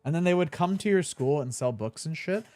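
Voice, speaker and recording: Animated young man streaming a game. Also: a little high, brisk, no echo. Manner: chatty, laughs easily, swears casually. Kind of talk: casual let's-play commentary.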